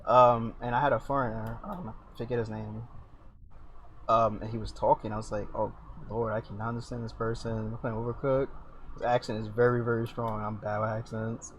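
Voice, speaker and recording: A man's voice: mid-range voice, level tone, a little fast, a bit bright. A young man streaming casually while sculpting, teasing his chat with lots of fillers and jokes. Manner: joking, teasing, chatty with many fillers. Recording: faint background noise.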